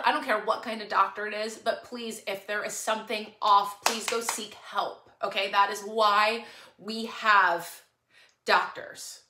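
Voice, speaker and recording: A woman's voice: mid-range voice, sharp tone. A woman talking earnestly and tearfully to her followers on a live stream, pleading and repeating herself. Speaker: livestream host. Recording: echoey room.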